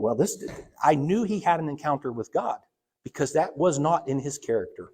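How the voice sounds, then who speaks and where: A husky, darkish male voice swoops wildly in pitch and runs a little fast. A church elder is giving a sermon in the sanctuary, narrating a personal tale and acting out what people said with dramatic shifts in pitch and volume.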